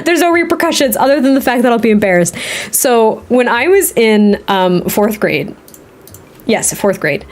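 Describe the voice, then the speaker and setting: A woman in her thirties chatting casually on a gameplay stream, rambling and laughing often. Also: medium pitch. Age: 30s. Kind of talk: casual livestream chat while playing.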